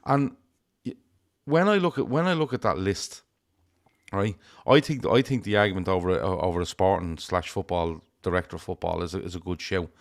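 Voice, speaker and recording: Regular panelist, man, lower voice, blunt, swears, emphatic. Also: a little fast. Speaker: fan show panelist. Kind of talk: casual chat.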